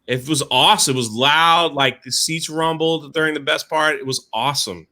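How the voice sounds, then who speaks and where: Excitable man with a bright voice. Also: a little high, moderate pace. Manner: excitable, rambling, lots of "like" and "freaking". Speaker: podcast co-host. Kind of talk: casual chat.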